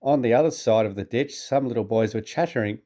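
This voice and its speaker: A British man reading a children's railway story aloud, calm and measured. His voice is mellow and soft-edged, sitting at an ordinary male pitch, with gentle expression on each line. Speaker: narrator.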